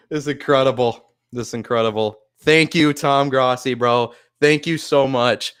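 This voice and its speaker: A man's voice: mid-range voice, fairly bright tone, clear, resonant tone. A man hosting a casual sports live stream, overwhelmed and near tears, laughing often and swearing as he thanks viewers. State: overwhelmed, shaky, close to tears.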